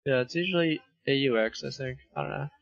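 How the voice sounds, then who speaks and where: A man's voice: medium pitch, fast talker, creaky. Joking man in gaming voice chat. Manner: joking, loose, swears casually. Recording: dull lo-fi stream audio.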